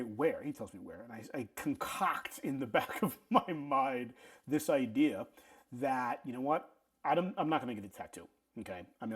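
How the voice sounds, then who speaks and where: A middle-aged man telling a casual story, animated, often stammering and restarting his sentences. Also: mid-range voice, slightly rough. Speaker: vlog host telling a story.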